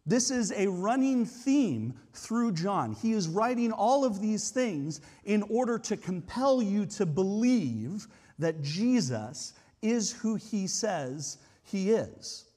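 Animated high-voiced male preacher. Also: takes it slowly. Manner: conversational, explanatory, with frequent hedging asides. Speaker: pastor. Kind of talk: sermon. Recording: long hall reverb.

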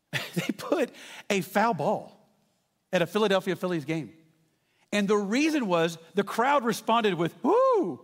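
A man preaching a sermon as pastor, telling stories with lively asides to the congregation. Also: sits high, big-room sound. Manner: animated storytelling with asides to the congregation.

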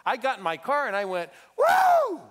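A middle-aged man preaching a sermon as a storyteller, moving between loud exhortation and hushed intensity. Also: sits high, animated, quick pace, clean tone. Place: church sanctuary.

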